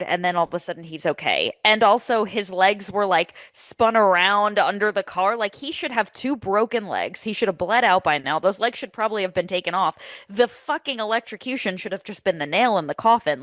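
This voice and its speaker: A woman's voice: medium pitch, no echo. Woman, podcast co-host, casual chat, blunt, swears freely, wry, bouncy intonation, dry close sound. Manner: blunt and profane, with wry deadpan quips. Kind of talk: casual movie-review chat.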